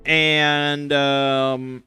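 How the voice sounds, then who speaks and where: A young man hosting a gaming chat show on stream drawls through a sarcastic, rambling chat, tripping on fillers and restarts. His bright, crisp voice sits on the high side with a level tone, recorded close and dry without echo, faint music underneath.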